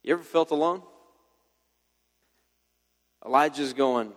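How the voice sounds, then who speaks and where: A man's voice: a little high, expressive, moderate pace. A young man preaching a casual, slangy sermon to a youth group and telling the story loosely, like a friend would. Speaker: youth pastor. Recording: long hall reverb.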